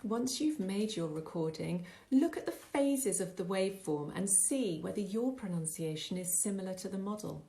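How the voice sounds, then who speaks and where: A middle-aged woman teaches in a scripted voice-over, speaking clearly and at a measured, patient pace. Her tone stays steady and explanatory, like a teacher walking a learner through each step. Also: medium pitch. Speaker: English teacher.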